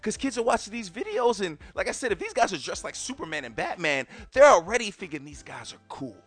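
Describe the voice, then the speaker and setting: A podcast host in his thirties tells a personal story in a slightly high voice. His pitch swings widely as he keeps calling out to his listeners. Faint music plays behind him. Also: quick pace, hardly any pauses, breathy edge. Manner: animated, keeps addressing listeners directly.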